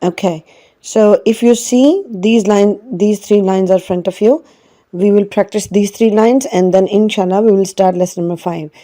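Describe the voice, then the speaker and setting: Her voice is medium-pitched with a dark tone, and she speaks at a normal speed. She's teaching Quran reading online, slowly spelling out each syllable, drilling it and saying it again with patience.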